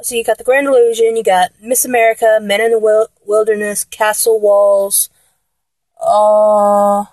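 A woman's voice: medium pitch, level tone, unhurried, darkish tone, no room sound. A woman chatting casually about songs she loves, rambling with many ums and restarts and breaking into bits of song. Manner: sings snatches of songs badly. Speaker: music fan talking to viewers.

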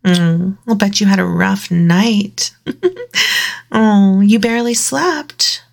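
A woman in an intimate audio role-play, speaking in a teasing, dominant way, dropping into whispers and giggling softly between phrases. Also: mid-range voice, steady tone, takes it slowly, gravelly.

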